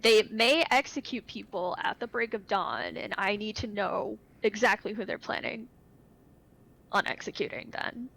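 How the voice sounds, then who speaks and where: A woman's voice: medium pitch, normal speed, vocal fry, a bit bright, rough recording. A woman playing a tabletop game, speaking in character earnestly and searching for words. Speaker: player. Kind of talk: tabletop role-play.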